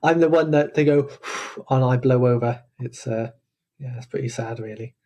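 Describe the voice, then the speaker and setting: A man co-hosting a geeky podcast, soft-spoken and self-deprecating, giggling often. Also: mid-range voice, normal speed. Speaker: podcast co-host. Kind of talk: casual chat.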